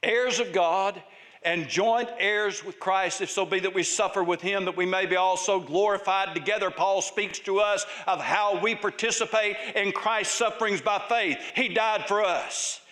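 High-voiced man preaching a sermon. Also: fairly even intonation, moderate pace, sharp tone. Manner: emphatic preaching with repeated phrases and scripture reading. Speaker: pastor.

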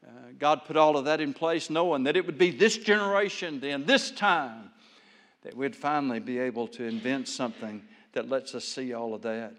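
A man preaching a sermon, telling folksy stories and swinging between loud bursts and hushed lines. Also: medium pitch, normal speed, in a large hall. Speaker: pastor.

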